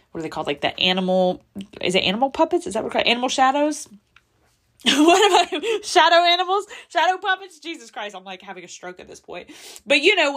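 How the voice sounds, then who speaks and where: A woman hosting a podcast alone, talking candidly and earnestly with pauses and restarts. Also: fairly low pitch, a bit bright. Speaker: podcast host. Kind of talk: personal reflective monologue.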